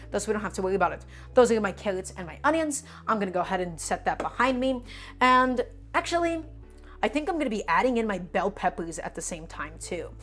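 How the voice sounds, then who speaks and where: A woman's voice: mid-range voice, a bit bright. A woman hosting a live cooking stream from her home kitchen, chatting enthusiastically with viewers as she chops vegetables. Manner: enthusiastic, repetitive, addresses viewers as friends.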